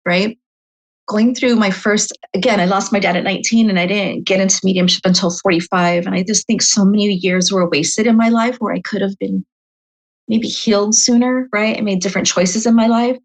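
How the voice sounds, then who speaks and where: A woman's voice: mid-range voice, rough recording. Middle-aged woman, interview guest; talkative storyteller, mid-range voice. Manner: animated, chatty storytelling with frequent "right?". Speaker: psychic medium guest.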